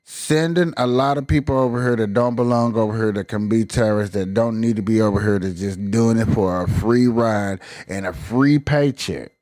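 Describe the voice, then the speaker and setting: A man's voice: fairly low pitch, normal speed, few pauses, a little mellow, no room sound. Emphatic, colloquial male streamer, dry sound. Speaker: live-stream host. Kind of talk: casual live-stream commentary.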